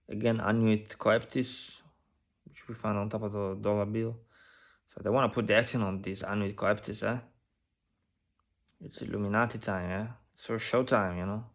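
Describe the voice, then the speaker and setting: A man giving casual, speculative commentary on a video, musing through a list of phrases with many pauses and frequent "you know" and "right?" asides. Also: on the low side, flat delivery. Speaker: video creator decoding an advertisement.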